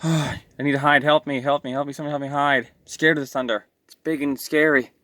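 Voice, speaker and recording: A man's voice: a little high, fairly even intonation, fast talker, sharp tone, no room sound. A man voicing a jittery male robot clown who is frightened of storms, sighing and whining as he talks. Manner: sighing, whiny, easily frightened.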